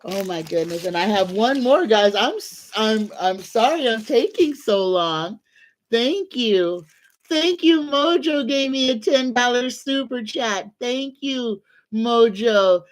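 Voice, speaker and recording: A woman's voice: fairly high pitch, expressive. A woman hosting a casual livestream as a tarot reader, gushing and grateful. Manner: gushing and grateful, talks slowly.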